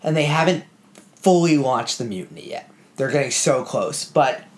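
A man's voice: medium pitch, animated. A man chatting on a podcast about a novel, reading passages aloud in a loose, conversational way with lots of fillers. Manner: conversational, with filler words and quick asides. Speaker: podcast co-host discussing a novel. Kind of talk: casual book discussion, reading passages aloud.

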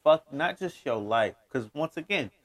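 A man co-hosts a sports podcast in a laid-back, casual way. He talks reflectively and often quite softly, with a pitch that rises and falls a lot. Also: lively intonation, moderate pace. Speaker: podcast co-host.

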